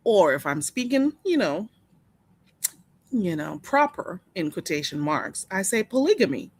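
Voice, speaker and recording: Female streamer, chatty and gossipy, animated delivery, dry close mic. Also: fairly low pitch, a little slow, husky, dry recording. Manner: chatty, gossipy, laughs often, reads out chat names. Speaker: live stream host. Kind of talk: casual live-stream chat with viewers.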